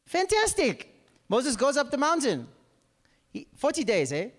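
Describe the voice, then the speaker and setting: A man's voice: very high-pitched, sing-song, normal speed. A man preaching a sermon, acting out scripture characters and asking the audience to follow. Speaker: pastor. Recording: reverberant hall.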